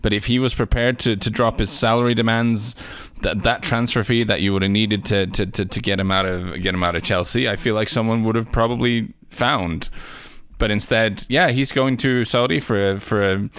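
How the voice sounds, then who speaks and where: A man's voice: fairly low pitch, fairly even intonation, moderate pace, a bit bright, clear, resonant tone, dry recording. A man arguing football opinions on a podcast in a wry, sardonic way. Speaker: podcast pundit. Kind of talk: casual football podcast chat.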